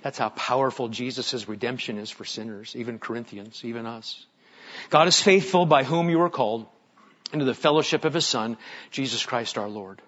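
A male pastor delivers a sermon at medium pitch, telling stories dramatically as he swings from hushed, slow lines to loud, emphatic ones. The audio sounds dull.

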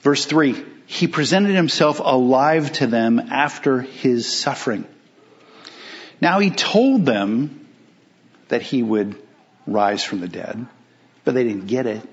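A man preaching a sermon as pastor, emphatic, asking rhetorical questions and slowing down on key phrases. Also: medium pitch, animated, dull audio.

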